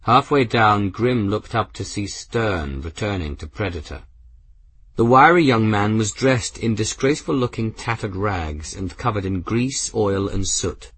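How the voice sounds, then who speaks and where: A man giving scripted narration of an audiobook in an even storytelling manner. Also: on the low side, unhurried, slightly rough, no echo.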